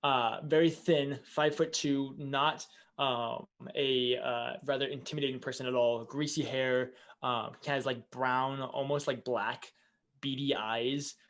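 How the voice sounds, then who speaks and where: A man's voice: medium pitch, fairly even intonation, unhurried, a bit bright. A man narrating a tabletop game as game master, describing scenes casually with many fillers.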